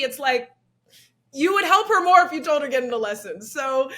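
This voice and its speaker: A young woman guest telling stories in an interview, animated, laughing often and acting out the voices of people she quotes. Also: sits high, normal speed. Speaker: actress and comedian guest. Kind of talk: candid interview talk.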